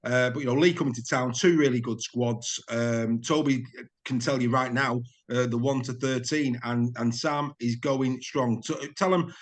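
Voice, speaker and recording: A man's voice: mid-range voice, fairly even intonation, normal speed. A man hosting a casual interview, upbeat and leading his guest with tag questions. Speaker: podcast host.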